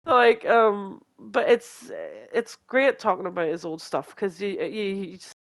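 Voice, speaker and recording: A woman's voice: mid-range voice, a little slow. A woman co-hosting a podcast in casual fan chat, rambling with many fillers and restarts and laughing often. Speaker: podcast co-host.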